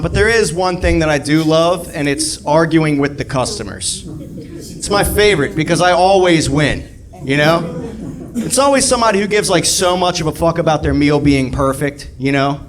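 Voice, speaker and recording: A man's voice: fairly high pitch, expressive, normal speed. A man doing a sardonic stand-up routine on a club stage. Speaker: stand-up comedian. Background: audience laughter.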